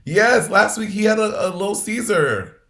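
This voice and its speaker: A man's voice: high voice, animated, moderate pace, bright, forceful tone, slight background noise. A man co-hosting a podcast in casual chat, blunt and profane, laughing often. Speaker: podcast co-host.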